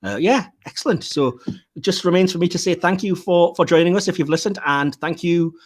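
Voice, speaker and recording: A man's voice: sits high, a little fast. Chatty man hosting a podcast. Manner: chatty, laughs often, trails off with fillers. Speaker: podcast host. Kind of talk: casual podcast chat.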